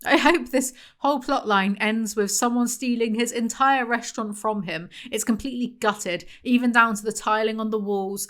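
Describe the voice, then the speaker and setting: A woman's voice: mid-range voice, fairly bright tone. A woman giving a sarcastic book review, reading passages aloud and mocking them in a dry tone. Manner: dry, mocking, frequent laughs.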